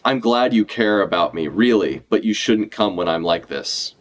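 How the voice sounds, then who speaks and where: A man's voice: lowish voice, lively intonation, moderate pace, close to an everyday voice. A man voicing a tender dying young woman. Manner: soft, affectionate, read aloud from a comic.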